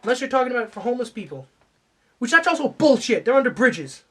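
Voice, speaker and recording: A man doing a comedic rant, swearing and shifting from mumbled asides to mock-angry yelling. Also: very high voice, sing-song, fast.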